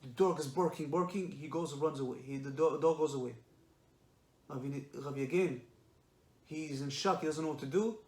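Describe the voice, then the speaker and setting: A man's voice: on the high side, normal speed. A man giving a religious lesson, emphatic and repetitive, often asking rhetorical questions. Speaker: Torah lecturer. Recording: echoey room.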